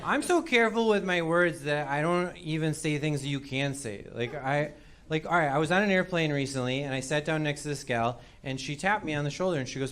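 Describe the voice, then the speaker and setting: A man's voice: fairly high pitch, fairly quick, clean tone. A man in his forties doing a self-deprecating stand-up set on a comedy club stage. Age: 40s. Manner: self-deprecating, sheepish storytelling. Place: comedy club stage before a live audience. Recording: loud laughing crowd, noisy club.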